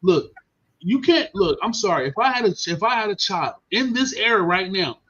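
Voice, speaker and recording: A man hosting a podcast, telling stories in a casual, animated and profane way. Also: high-pitched, moderate pace, slightly rough. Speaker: podcast host. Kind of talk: casual storytelling chat. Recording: dull lo-fi stream audio.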